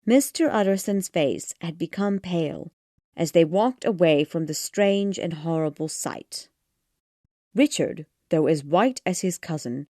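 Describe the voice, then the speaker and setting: A woman narrating an audiobook of a classic gothic tale in a steady storytelling manner. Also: lowish voice, no room sound, studio quality.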